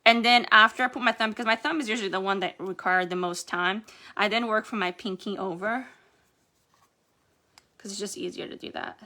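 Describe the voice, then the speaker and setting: A woman's voice: medium pitch, brisk, sharp tone. A woman chatting casually through a home nail-care tutorial, rambling a little and filling gaps with "um" and "like". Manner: chatty, rambling with many fillers. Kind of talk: casual how-to demonstration.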